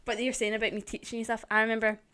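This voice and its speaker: A woman's voice: a little high, flat delivery, racing, a bit bright, clean tone. A young woman with a Scottish accent, chatting casually on a podcast. She teases her twin brother and laughs a lot as she tells family stories. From Scotland. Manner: teasing, laughs often. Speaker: podcast guest. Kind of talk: casual chat.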